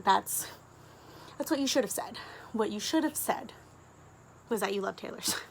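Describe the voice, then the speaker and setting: A woman, a book vlogger talking casually to camera, gushing and chatty with quick asides and giggles. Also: mid-range voice, husky.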